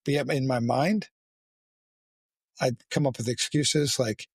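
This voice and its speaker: Male podcast host with a rough, husky voice, candid and profane. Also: mid-range voice, steady tone, no echo, clean studio sound. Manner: blunt, frequent swearing, halting restarts. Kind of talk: candid casual conversation.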